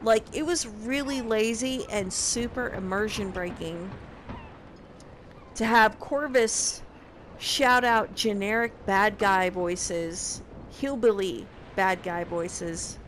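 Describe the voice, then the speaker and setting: A woman's voice: medium pitch, slow pace, fairly bright tone, slight background noise. A young woman casually recapping a game, sarcastic and profane in her exasperation. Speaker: game reviewer.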